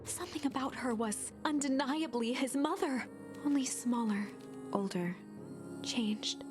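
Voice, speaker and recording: A woman narrating a storybook game in a soft, hushed, often whispered delivery, with game music behind her. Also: high-pitched, measured pace.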